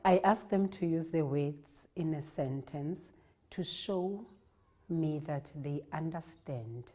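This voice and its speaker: A South African woman, a primary school teacher, calmly explaining how she teaches her lessons. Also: low-pitched, slow, slight background noise. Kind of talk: reflective interview narration.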